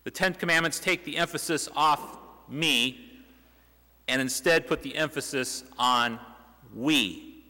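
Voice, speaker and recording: A young man delivers a sermon with a bright voice, pitched a little above the usual. He keeps it conversational, asking rhetorical questions and restarting his sentences. His words ring out with long reverb in the church hall. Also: a little slow. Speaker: preacher. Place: church sanctuary.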